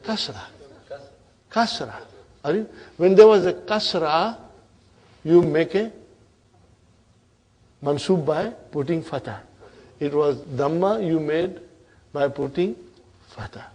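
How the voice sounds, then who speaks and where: A man's voice: fairly high pitch, takes it slowly, long pauses, a little mellow, slightly rough. A middle-aged man teaching an Arabic grammar class, drilling forms and often checking whether the students follow. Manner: prompting students with "huh?".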